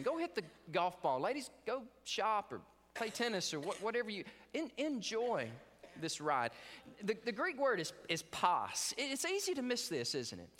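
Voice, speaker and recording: Lively middle-aged preacher in an echoing chapel. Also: male voice, high voice. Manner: animated storytelling with stumbling restarts. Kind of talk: chapel sermon. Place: seminary chapel. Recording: long reverb of a chapel hall.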